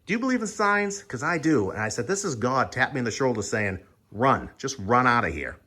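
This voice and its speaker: Man, husky voice, lively pitch, exasperated storytelling, acts out the dialogue. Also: moderate pace. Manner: exasperated, reenacts both sides of conversations. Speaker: vlogger. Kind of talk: casual storytelling.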